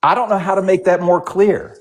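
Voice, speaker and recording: A man's voice: sits high, steady tone, fairly quick. A man arguing insistently in a casual political debate, repeating his point like a lecture. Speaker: debate guest.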